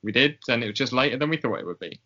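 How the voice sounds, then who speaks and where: A man co-hosting a podcast in casual chat, hesitant, filling pauses with ums. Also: mid-range voice, expressive, pushed and bright, highs cut off, a little hiss or hum. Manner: hesitant, lots of ums, often laughing. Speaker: podcast co-host.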